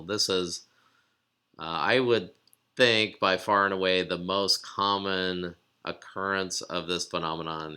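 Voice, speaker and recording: A man teaching a recorded lesson, explaining patiently with frequent pauses and fillers. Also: sits low, bright, forceful tone. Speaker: biblical Hebrew teacher.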